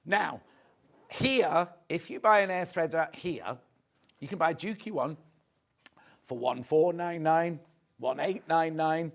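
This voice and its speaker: A man's voice: fairly high pitch, takes it slowly, vocal fry, pauses often. A man presenting live home shopping, chatty and rambling, poking fun at himself. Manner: chatty, rambling, self-mocking.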